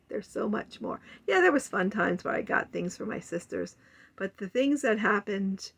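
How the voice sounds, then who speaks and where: An older woman in her sixties speaks to the camera in a personal vlog, earnest and a little rambling. Her voice has a gravelly, fry-edged texture. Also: mid-range voice, pushed and bright. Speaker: vlogger. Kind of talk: personal confessional monologue.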